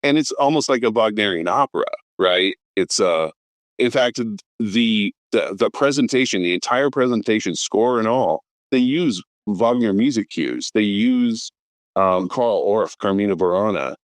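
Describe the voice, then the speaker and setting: A man's voice: on the low side, animated, normal speed, no room sound. A man in his fifties chatting on a film podcast, eagerly rattling off names and credits with plenty of fillers. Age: 50s. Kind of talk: casual film podcast chat.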